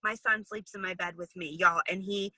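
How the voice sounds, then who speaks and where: Woman, 30s, video-call guest, earnest and candid, bright edge, dry close sound. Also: fairly low pitch, steady tone, moderate pace, dry recording, low-quality recording. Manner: earnest, candid, talks to the audience as "y'all". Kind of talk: casual chat on a video call.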